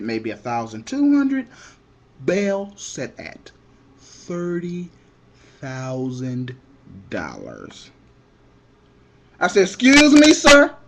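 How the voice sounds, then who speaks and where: Excitable man telling a wild story. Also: on the high side. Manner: excitable, shouts punchlines, acts out other people. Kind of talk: animated comic storytelling.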